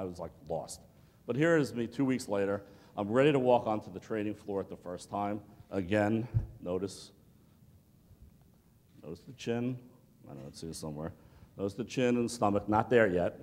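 Man giving an animated speech in a reverberant hall. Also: medium pitch. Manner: animated storytelling with acted-out quotes. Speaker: motivational speaker. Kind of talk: leadership talk to a student audience. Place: large hall.

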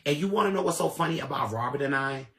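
Fast and animated, a man with a fairly high, fairly bright voice delivers ranting commentary on a livestream. He uses AAVE, repeats himself, swears, and takes a confrontational stance.

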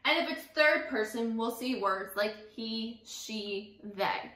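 A young woman teacher gives a lesson in an upbeat, encouraging way, often checking in with her students. Her voice is bright and sits a little high. The sound carries an echo from a hard-walled classroom. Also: expressive, slow pace. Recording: echoey room.

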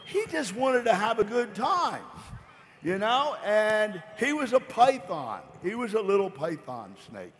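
A man's voice: sits high, very animated, unhurried, fairly bright tone, slight background noise. A man giving a playful, rambling motivational story on stage at a convention. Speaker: company founder speaking on stage. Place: large convention hall stage. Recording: echoey convention hall.

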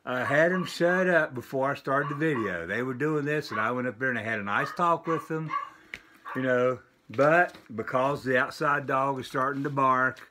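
An older man casually showing off a package of vinyl records, rambling with lots of filler pauses. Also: mid-range voice, background noise. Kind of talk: casual unboxing vlog. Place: home with dogs barking nearby.

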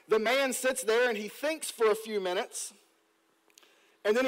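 A male pastor preaches a sermon with a notably high voice. He tells stories in an earnest, plain way and slows right down when reading scripture aloud. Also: steady tone, a bit bright, low-quality recording.

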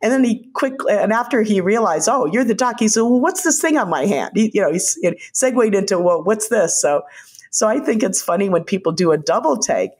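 An older woman, a former White House physician, telling lively stories as an interview guest and laughing often. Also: medium pitch, breathy edge. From United States. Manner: animated anecdotes, quick quoted voices, laughs often. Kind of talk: conversational storytelling.

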